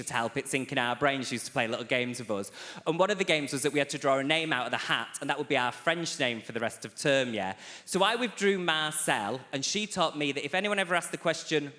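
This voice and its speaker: A young man doing an animated stand-up set on a large theatre stage, building his stories with rising repetitions. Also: mid-range voice. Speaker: stand-up comedian.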